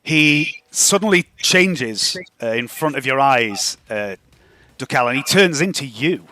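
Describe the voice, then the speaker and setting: A man acting as game master, describing the scene and working out turns with lots of ums and restarts. His voice is bright and forceful, and it sounds dry and close to the mic. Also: mid-range voice, expressive, a little slow, dry recording. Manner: rambling, hesitant, full of ums and restarts. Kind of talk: narrating a tabletop game.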